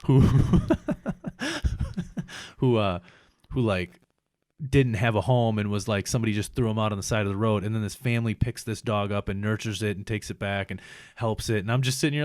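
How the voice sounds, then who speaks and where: A man's voice: lowish voice, expressive, moderate pace, a little mellow, no room sound, studio quality. A young man hosting a casual chat, rambling with many restarts and frequent swearing. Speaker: host. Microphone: headphones.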